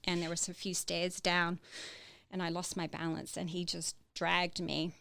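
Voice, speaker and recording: A woman telling her own story in a podcast interview, halting, with many fillers and restarts. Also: lowish voice, little pitch movement, vocal fry, bright, forceful tone, no echo. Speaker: interview guest.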